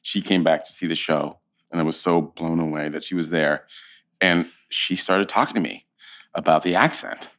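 A man in his fifties, an actor, chatting as an interview guest and telling animated stories. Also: sits low, normal speed. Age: 50s. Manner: animated storyteller, acts out quotes. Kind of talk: casual interview chat.

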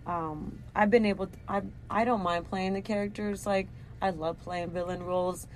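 Actress guest, woman in her 30s, earnest, lively, faint hiss. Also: medium pitch, normal speed, rough recording. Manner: earnest, lively, laughs easily. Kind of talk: casual chat.

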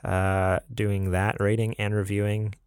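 A man's voice: fairly low pitch, flat delivery, unhurried, clear, resonant tone, no echo, clean studio sound. A man co-hosting a casual podcast, rambling with many fillers and restarts. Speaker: podcast co-host.

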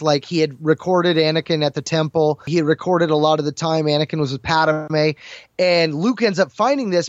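High-voiced enthusiastic man, dry lo-fi sound. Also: dry recording. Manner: enthusiastic, acts out character lines. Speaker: podcast co-host. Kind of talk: casual fan discussion.

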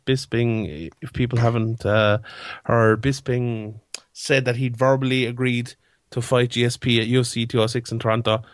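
A man's voice: mid-range voice, smooth, no room sound, studio quality. A young man hosting a casual sports podcast, rambling with lots of fillers and restarts. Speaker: podcast host.

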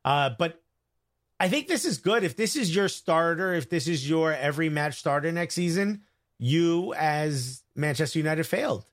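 A man co-hosting a casual sports talk show, joking and giving quick opinions. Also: a little high, expressive. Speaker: co-host.

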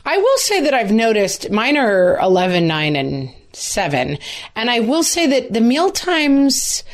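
A woman in her forties co-hosting a podcast, telling stories in a playful, animated way. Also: fairly high pitch, measured pace. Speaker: podcast co-host. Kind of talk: casual chat.

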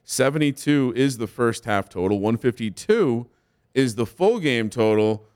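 Smooth mid-pitched male co-host, brisk with numbers. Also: animated, darkish tone. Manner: reads betting lines briskly, quick banter. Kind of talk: casual sports betting chat.

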